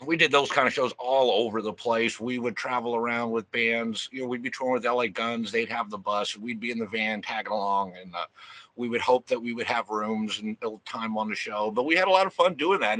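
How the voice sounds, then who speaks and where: A man in his fifties from Missouri, telling stories as an interview guest in a rambling way, with many restarts and drawn-out fillers. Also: mid-range voice, sharp tone, low-quality recording. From Missouri, USA. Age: 50s. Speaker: record label guest. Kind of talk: casual interview storytelling.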